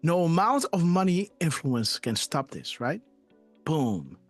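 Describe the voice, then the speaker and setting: Animated man hosting a live stream. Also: fairly high pitch, takes it slowly, soft background music. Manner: emphatic, repeats "right?" and "you know"; emotional, trailing off softly at ends. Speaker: live show host. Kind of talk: casual commentary reading posts aloud.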